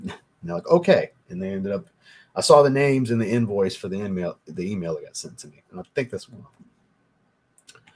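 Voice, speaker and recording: A young man, hosting a casual livestream and reading viewer comments, rambling and swearing as he gets worked up. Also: mid-range voice. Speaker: livestream host, fragrance reviewer.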